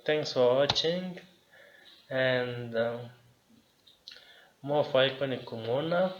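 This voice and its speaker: A man teaching a language lesson, slowly saying each example word and repeating it. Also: medium pitch. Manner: slow and deliberate, repeating example words. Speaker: language tutor. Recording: dull lo-fi sound with faint ambient noise.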